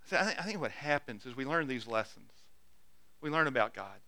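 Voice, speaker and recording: Bright-voiced preacher, dry close sound. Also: male voice, medium pitch, expressive, brisk, no room sound. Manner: earnest, swings between loud urging and quiet intimacy, frequent restarts. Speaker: pastor. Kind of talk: sermon.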